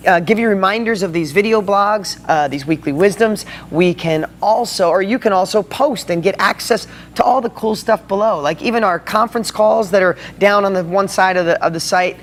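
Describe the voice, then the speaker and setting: A man hosting a motivational video blog, talking to viewers in an excited, fired-up way. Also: sits high, a little hiss or hum.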